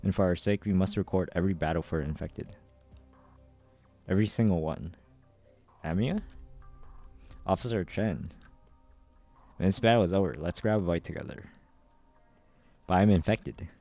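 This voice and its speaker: Deep-voiced man reading game dialogue. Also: normal speed, pauses often, warm tone, soft background music. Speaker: streamer reading a game story aloud. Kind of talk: dramatic readthrough of game dialogue.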